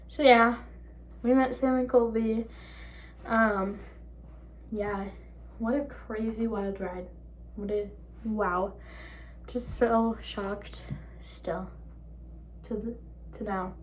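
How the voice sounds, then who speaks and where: A young woman vlogging casually, excited and disbelieving, rambling with many fillers as she tells her story. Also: mid-range voice, takes it slowly, pauses often, a little hiss or hum.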